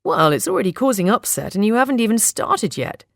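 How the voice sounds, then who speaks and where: A woman voicing a male friend in an audiobook, brisk and matter-of-fact. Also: medium pitch, very animated, gravelly, no room sound, studio quality, pitched above the performer's own voice. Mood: blunt. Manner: brisk, matter-of-fact, talks over others. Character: man friend, blunt and quick to judge.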